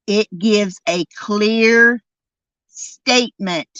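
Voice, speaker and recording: A woman hosting a true crime podcast, delivering an indignant, emphatic monologue and drawing out key words slowly. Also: mid-range voice, a bit bright, clean tone, no room sound, dull audio. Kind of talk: angry commentary monologue.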